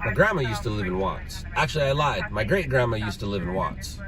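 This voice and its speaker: A man's voice: medium pitch, sing-song, a little fast, hardly any pauses, crowd noise. A man chatting and joking with viewers of his live stream as he drives, talking into his phone inside his car. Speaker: news videographer and livestreamer. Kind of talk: casual live-stream chat while driving. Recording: loud traffic noise behind.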